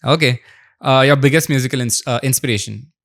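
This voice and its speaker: A man with an Indian English accent hosts a casual podcast, firing off quick questions with short, upbeat replies. His voice has a gravelly edge at an ordinary pitch. The recording is dry and close. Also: fairly bright tone, dry recording. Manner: brief reactions, upbeat quiz questions. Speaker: podcast host.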